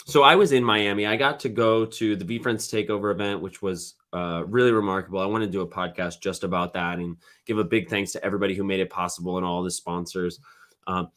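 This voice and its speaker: Casual low-voiced man hosting a podcast. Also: steady tone, fast talker, a bit bright. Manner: conversational, many fillers and restarts. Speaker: podcast host. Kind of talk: casual solo commentary.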